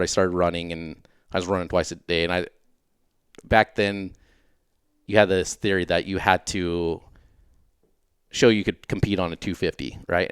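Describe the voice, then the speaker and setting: A late-thirties man with a very low, smooth voice, recorded close in a dry room. He talks in a loose, rambling way with plenty of fillers, like a guest swapping stories on a podcast. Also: dry recording. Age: late 30s. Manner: laid-back, rambling, filler-heavy. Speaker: podcast guest, former racer. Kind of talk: casual interview storytelling.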